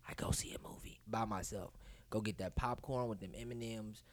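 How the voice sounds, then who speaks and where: Fast-talking, playful man. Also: on the low side, steady tone, slight background noise. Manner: quick, joking, playful interjections. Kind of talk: casual chat.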